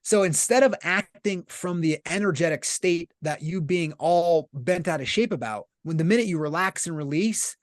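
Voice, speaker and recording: A man's voice: fairly high pitch, normal speed, hardly any pauses. A man being interviewed as a podcast guest, explaining his ideas in an earnest, conversational way and often checking in with "right?". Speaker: podcast guest, business leader.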